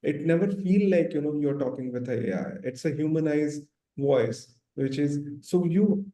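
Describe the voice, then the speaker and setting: A man in a business discussion, speaking halting non-native English with many fillers. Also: on the high side, dark tone. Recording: roomy echo.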